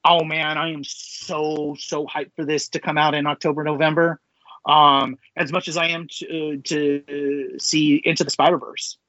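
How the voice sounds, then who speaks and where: A man co-hosting a podcast in casual chat, excitable and swearing freely, with lots of fillers. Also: a little high, a little slow, dry recording. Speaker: podcast co-host. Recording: dull lo-fi sound, dry.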